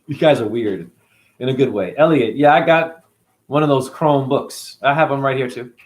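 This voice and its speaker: A man's voice: medium pitch, normal speed. A middle-aged man hosting a spiritual livestream, ranting in a profane, preachy way and answering his chat.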